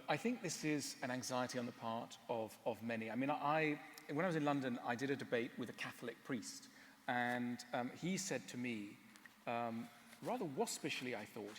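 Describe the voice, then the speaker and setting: A man giving a public talk and answering questions, wry and animated, often stopping on fillers. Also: mid-range voice, normal speed, long reverb tail, a little hiss or hum. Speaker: speaker. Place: large hall.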